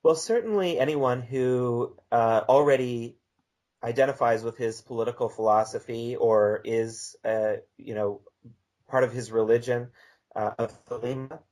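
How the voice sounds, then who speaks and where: A man speaking as a guest in a podcast interview, talking in a measured way with many fillers. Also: mid-range voice, darkish tone. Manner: measured, reads a text aloud slowly.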